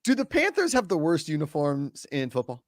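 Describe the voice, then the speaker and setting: A man hosting a casual talk show, animated and joking, with quick reactions. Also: a little high, no echo, studio quality. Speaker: host. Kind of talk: casual chat.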